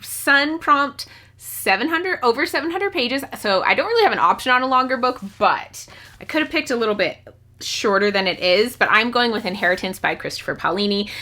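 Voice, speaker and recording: A young woman chatting excitedly as a book vlogger, bubbly and talkative, now and then squealing with delight. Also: mid-range voice. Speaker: book YouTuber. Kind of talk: casual vlog chat.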